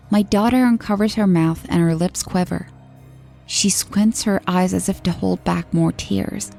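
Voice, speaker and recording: A woman narrating a scripted horror story in first person in a steady, earnest storytelling manner. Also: mid-range voice, moderate pace, creaky, soft background music.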